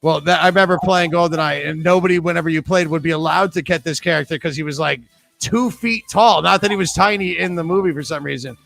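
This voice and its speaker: High-voiced joking trivia host. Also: male voice, quick pace, gravelly, fairly bright tone. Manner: joking, chatty, reads questions aloud. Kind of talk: live trivia podcast banter.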